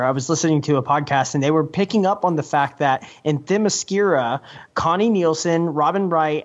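A man co-hosting a casual movie podcast, starting with repeated restarts and then talking in quick bursts. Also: fairly high pitch. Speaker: podcast co-host. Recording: slightly dull lo-fi audio.

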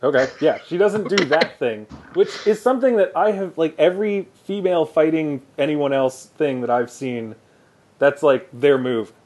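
A man co-hosting a casual movie podcast, speaking in a relaxed, wry way and laughing easily. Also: on the high side, moderate pace, noisy background. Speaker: podcast co-host.

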